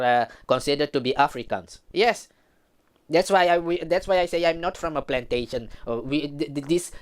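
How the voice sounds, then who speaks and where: A man's voice: mid-range voice, smooth. A man from Suriname, giving a heated, emphatic commentary vlog.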